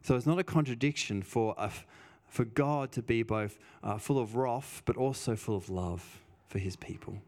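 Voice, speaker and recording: A man's voice: medium pitch, moderate pace, few pauses, darkish tone. A man preaching a sermon in a conversational way, stressing points by repeating phrases and telling personal stories. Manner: emphatic, repeats phrases for weight.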